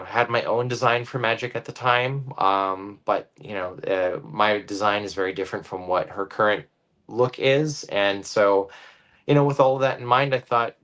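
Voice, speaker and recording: A man who is a guest comic artist, explaining his drawing process casually and thinking aloud with many pauses. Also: fairly low pitch, fairly bright tone.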